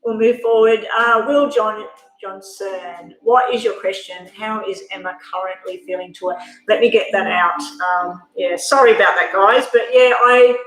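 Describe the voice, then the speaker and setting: A woman's voice: medium pitch, fairly even intonation, normal speed, a bit bright. Chatty woman tarot reader, echoey room. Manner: chatty, candid, emotional; addresses viewers directly. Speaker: tarot reader hosting a live stream. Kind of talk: casual live-stream chat and card reading.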